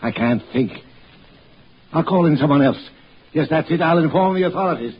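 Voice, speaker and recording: An actor playing a calm, rational doctor in a 1940s radio horror drama, measured and soothing. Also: male voice, a little high, natural voice. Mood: reasoning. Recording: muffled 1940s radio broadcast with faint hiss.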